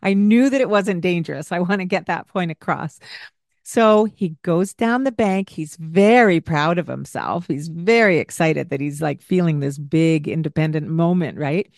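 A woman with a fairly low voice tells a parenting story in a relaxed podcast style. She acts out both sides of the conversation with lively energy. The sound is dry and close, with no room echo. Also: normal speed. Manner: animated, acts out what she and the child said. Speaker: podcast host and childcare provider. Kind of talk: casual storytelling with parenting advice.

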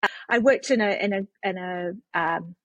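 A woman's voice: mid-range voice, normal speed, no echo, highs cut off. A woman with a New Zealand accent, a guest telling her story in a chatty, conversational way. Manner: chatty storyteller with frequent restarts and laughs. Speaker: guest, charity CEO. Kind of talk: casual conversational interview.

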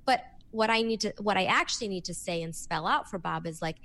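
A woman who works as a workplace coach, speaking in a podcast interview in an animated, expressive way and acting out examples. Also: mid-range voice, fairly quick, hardly any pauses.

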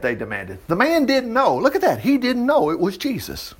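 A man teaching from the Bible in a folksy, animated way, reading verses aloud and adding asides. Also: sits high, normal speed, few pauses, slightly rough. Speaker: preacher.

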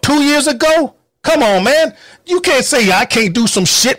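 A man with a high, swooping voice rants in anger, swearing hard and driving every point home with heated emphasis. The recording is dry and close, with no room sound. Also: animated, moderate pace, a bit bright, no room sound. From North Carolina, US. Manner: mocking quoted voices. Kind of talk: angry political rant.

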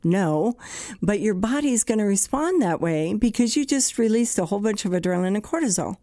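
Woman host, mellow low voice, plain conversational explainer, dry booth sound. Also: lively intonation, a little fast, dry recording. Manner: explains plainly with everyday examples, acting out anxious self-talk. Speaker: podcast host and psychologist. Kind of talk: conversational talk.

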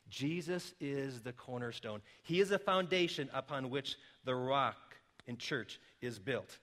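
Bright-voiced preaching man. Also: mid-range voice, animated, measured pace, hardly any pauses. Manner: builds from quiet explaining to loud emphatic calls. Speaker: pastor. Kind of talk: sermon.

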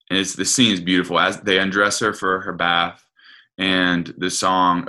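A man's voice: low voice, little pitch movement, moderate pace, pushed and bright. A man giving a conversational sermon, earnest and retelling a story with frequent restarts and hesitations. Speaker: preacher.

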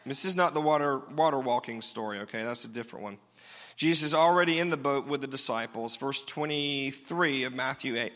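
Bright-voiced male preacher in a reverberant hall. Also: a little high. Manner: conversational preaching, checks in with the crowd. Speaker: pastor. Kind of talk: sermon. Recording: long reverb of a large hall.

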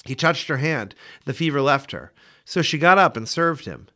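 Man reading scripture with lively pitch. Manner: expressive, measured scripture reading. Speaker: scripture reader. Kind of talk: Bible reading podcast.

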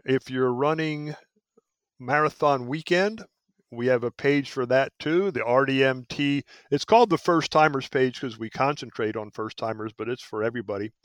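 Smooth-voiced podcast host man. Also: mid-range voice, normal speed, no room sound. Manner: chatty, jokey wrap-up. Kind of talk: casual podcast talk.

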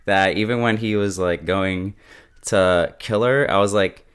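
A man casually recapping a TV episode beat by beat, chatty and quick to joke and laugh. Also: low-pitched, a bit bright, clear, resonant tone. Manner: chatty, laughs often, quips. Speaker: show reviewer.

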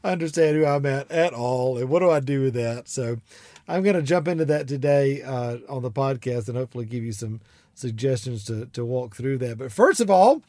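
A South Georgia man with a Southern accent, a podcast host and artist mentor, chats warmly and rambles with fillers and laughs on his casual podcast. His mid-range voice is animated and at normal speed. He records in his studio on a studio microphone with no room sound.

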